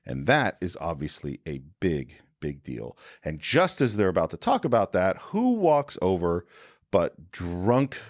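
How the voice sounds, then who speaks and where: A man's voice: sits low, huge pitch swings, a little slow, dry recording, studio quality. A man co-hosting a podcast in casual chat, retelling film scenes and slipping into the characters' lines. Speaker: podcast co-host.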